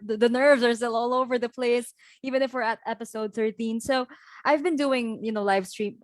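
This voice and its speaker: A woman's voice: mid-range voice, no echo. A young woman from the Philippines, a guest speaker chatting casually in an interview, full of fillers and light laughs. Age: young adult. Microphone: video call.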